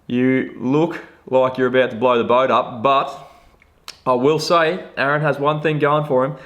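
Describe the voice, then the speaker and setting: A young Australian man answering viewer questions about fishing in a relaxed, joking, self-deprecating chat full of slang. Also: mid-range voice, measured pace, muffled recording. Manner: laid-back, matey slang, self-deprecating. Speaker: fishing vlogger. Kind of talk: casual Q&A chat.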